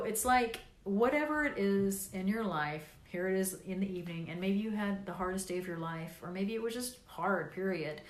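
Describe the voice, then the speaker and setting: In a relaxed live video, a tired older woman who is a vlogger, podcast host, and grandmother rambles through an encouraging pep talk packed with fillers. She speaks at a medium pitch, and the audio sounds roomy.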